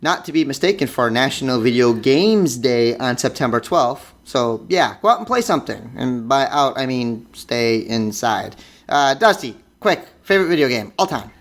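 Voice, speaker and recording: Male podcast co-host with a lively, swinging delivery and a jokey streak. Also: normal speed. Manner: jokey, bursts into sound effects and high squeals. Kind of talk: casual geeky podcast chat.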